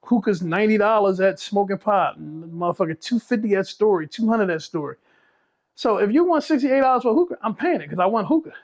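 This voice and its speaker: Male business owner, high voice, profane, straight-talking podcast guest. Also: animated, fairly quick. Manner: blunt, profane storytelling. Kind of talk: casual podcast chat.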